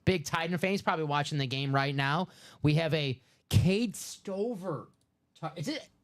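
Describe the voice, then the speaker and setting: A man hosting a live sports card break stream, chatting casually and upbeat while pitching spots. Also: normal speed. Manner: chatty, upbeat, sales patter.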